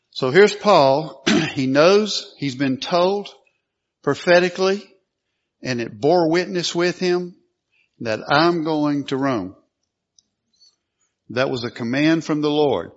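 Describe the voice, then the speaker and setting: Man preaching, somewhat high voice, lo-fi. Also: slow, long pauses. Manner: reads scripture aloud, asks the listeners questions; clears throat often. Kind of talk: sermon. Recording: dull lo-fi sound.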